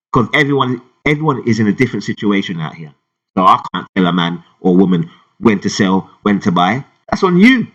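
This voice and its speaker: Animated London man talking crypto. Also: lo-fi sound. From England. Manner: animated, slangy, rambling, swings from loud to low. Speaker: crypto vlogger. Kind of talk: casual talk to camera.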